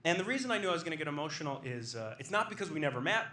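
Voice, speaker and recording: Young male stand-up storyteller, high and lively, bright tone, echoey live room, faint noise. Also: rapid-fire. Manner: animated, rising to excited bursts. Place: comedy club stage with audience.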